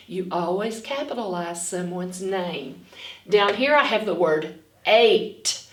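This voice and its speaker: A woman reading a storybook aloud and then teaching phonics to children, animated and gasping, speaking slowly and clearly. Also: mid-range voice, slight background noise. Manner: animated, with dramatic gasps, slow and clearly spoken. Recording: echoey room, far from the mic.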